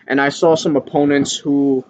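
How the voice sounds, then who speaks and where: A man's voice: level tone, normal speed. Candid man telling a boxing story. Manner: candid, swears freely, gets louder and higher as he relives panic. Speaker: amateur boxer. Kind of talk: casual storytelling to camera.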